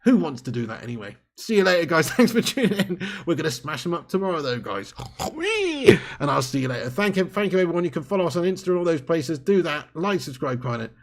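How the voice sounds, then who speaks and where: A man's voice: fairly high pitch, very animated, fast. A man hosting a live fan stream, chatting, joking and thanking viewers by name. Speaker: fan channel host.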